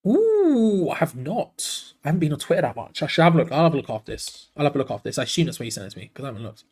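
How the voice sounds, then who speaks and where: A man hosting a live football watch-along. He calls the play excitedly and breaks off to answer viewers in the chat. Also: on the high side, very fast, breathy edge. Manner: excitable, chatty, jumps between play-by-play and reading comments. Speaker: watch-along host and commentator.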